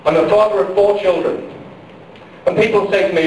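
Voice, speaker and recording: A middle-aged man campaigning at a public forum speaks with passion about politics, repeating phrases and questions for emphasis; his high, slightly mellow voice moves a little fast with fairly even intonation and long pauses. The setting is a large public hall during a power outage, recorded from far away with strong echo and faint noise.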